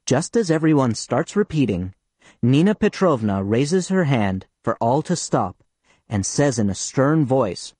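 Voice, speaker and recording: A man's voice: medium pitch, animated, measured pace, a little mellow, no room sound. A man narrating an audiobook in the first person, with an earnest, schoolboy-like telling. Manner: earnest, reads as a schoolboy telling his story.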